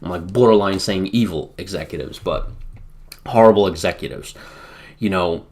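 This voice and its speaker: A man's voice: sits low, normal speed, darkish tone. An American man streaming a wargame, talking in a rambling, casual way with lots of fillers. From United States. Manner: rambling, filler-heavy, chatty. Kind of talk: casual live-stream commentary.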